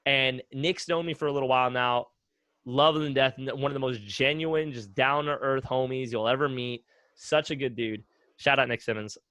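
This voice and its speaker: A young man, a retired runner appearing as a podcast guest, tells stories in a relaxed, casual way, using lots of fillers and acting out quotes. His mid-range voice moves at normal speed with a clean tone and no echo.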